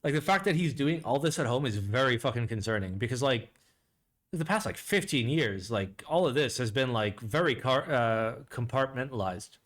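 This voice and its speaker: A male live-stream host talks off the cuff, swearing freely and stringing thoughts together with filler words. His voice sits at an ordinary middle pitch for a man. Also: animated, moderate pace, fairly bright tone. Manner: rambling, sweary, lots of "like" fillers. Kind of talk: casual profane live-stream reaction chat.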